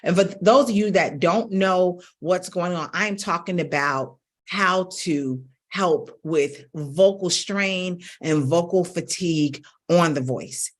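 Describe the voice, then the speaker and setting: A woman's voice: fairly low pitch, slow, hardly any pauses. A middle-aged woman vocal coach teaching to camera in an emphatic, coaxing way that repeats phrases for stress. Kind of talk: instructional talk to camera.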